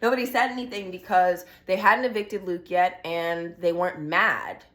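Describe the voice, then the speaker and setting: A woman's voice: lowish voice, fairly even intonation, normal speed, a bit bright. A young woman vlogging in a casual, blunt style, ranting with heated profanity about a reality show. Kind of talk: casual opinion vlog.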